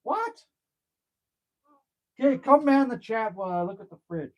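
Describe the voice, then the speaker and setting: A middle-aged man from Canada, very animated and with a very high voice, hosts a casual livestream at a moderate pace. Outdoors at a cabin and streaming from his phone, he rambles, rants, swears freely and reads out comments from his viewers.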